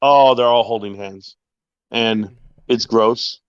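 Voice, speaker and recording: A man's voice: on the low side, takes it slowly, smooth, no echo, dull audio. A man co-hosting a livestream in casual chat, ranting and opinionated. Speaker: livestream co-host.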